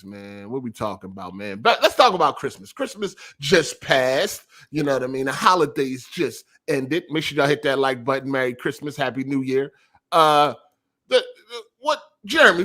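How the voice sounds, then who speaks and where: A man hosting a casual podcast chat, slangy and animated, swinging between loud bursts and quiet asides. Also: a little high. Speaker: podcast host.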